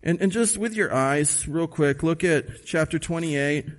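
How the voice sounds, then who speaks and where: Male pastor, slightly higher voice, emphatic conversational preaching, checks in with the listeners. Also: a little slow. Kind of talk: sermon.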